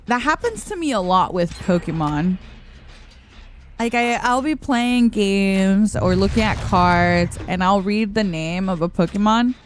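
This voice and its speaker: A woman's voice: medium pitch, expressive, a little slow, slight background noise. A woman streamer casually chatting with her viewers while playing a game, laughing often and reading the chat aloud.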